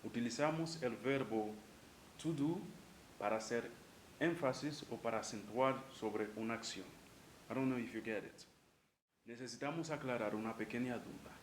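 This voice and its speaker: A man whose first language is Spanish, teaching English in a casual way and repeating each example sentence. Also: medium pitch. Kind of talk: bilingual English lesson. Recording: echoey room, faint background noise.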